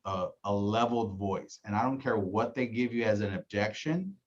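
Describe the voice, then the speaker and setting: A man's voice: lowish voice, expressive, moderate pace, dull audio. A man coaching colleagues on setting phone appointments, acting out calls and often tagging his points with "right?". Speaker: insurance agency director. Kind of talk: casual training talk.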